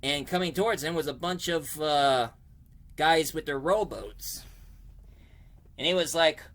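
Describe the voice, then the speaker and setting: A man's voice: fairly high pitch, measured pace, a bit bright. A man giving a casual spoken comic book review, rambling and digressive, often stopping to correct himself mid-sentence.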